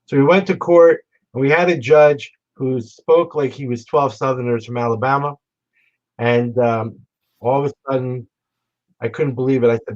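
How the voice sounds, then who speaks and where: A man telling stories in memory of his late brother at a remembrance gathering, speaking in a halting, reflective way with frequent restarts. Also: medium pitch, steady tone, highs cut off. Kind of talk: storytelling remembrance. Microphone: remote broadcast.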